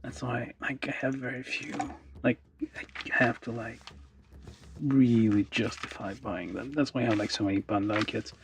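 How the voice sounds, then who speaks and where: A man's voice: mid-range voice, steady tone, normal speed, background noise. A man casually thinking aloud with many fillers as he builds a model kit on a livestream, talking half to himself. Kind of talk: casual talk while building. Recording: music playing under the voice. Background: background music.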